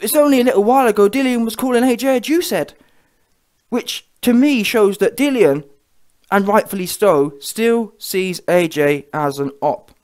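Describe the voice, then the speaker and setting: A man's voice: sits high, a little mellow. A man giving heated, mocking boxing commentary on his vlog and checking in with viewers as he goes. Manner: heated, mocking, keeps asking the viewer "yeah?". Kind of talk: ranting reaction commentary.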